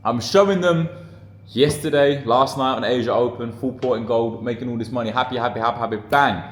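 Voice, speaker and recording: A man from the UK, a gold trader and trading mentor, talking casually to camera in an excitable, slangy way and swearing freely. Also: medium pitch, brisk. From United Kingdom. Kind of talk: casual vlog talk to camera. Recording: noisy background.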